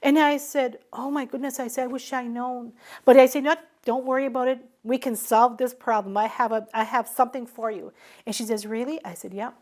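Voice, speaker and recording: A middle-aged woman tells stories in a relaxed interview. Her voice sits a little high, and she brings in quoted dialogue with animation. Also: a little fast. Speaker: interviewee, small business owner. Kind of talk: conversational storytelling interview.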